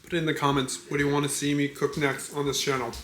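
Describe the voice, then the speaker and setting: A man's voice: on the high side, little pitch movement, fast talker, fairly bright tone. A man hosting a casual home cooking vlog, chatting to the camera and his family in an upbeat, persuasive way. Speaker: cooking vlogger and father. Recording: echoey room.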